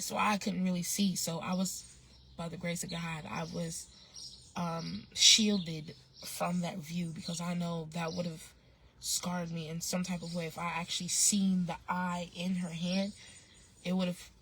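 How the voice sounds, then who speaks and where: A woman with a somewhat low voice tells a story in a loose, slangy vlog style, often circling back and restarting her sentences. The recording is noisy, with birds chirping clearly behind her. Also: level tone, measured pace, a bit bright. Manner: rambling and slangy, with frequent restarts and fillers. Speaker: vlogger. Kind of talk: casual storytime monologue.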